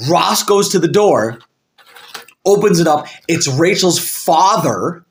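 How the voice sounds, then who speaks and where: High pitched guy ranting casually on a podcast, lots of "like", animated and rambly. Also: slow, slight background noise. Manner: animated, rambling, heavy use of "like". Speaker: podcast co-host. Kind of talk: casual debate.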